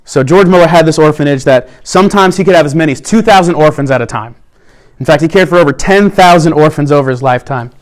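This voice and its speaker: A man preaching a sermon in an earnest way, slowing down to stress key points. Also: on the high side. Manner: earnest preaching, slows down for emphasis. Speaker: pastor.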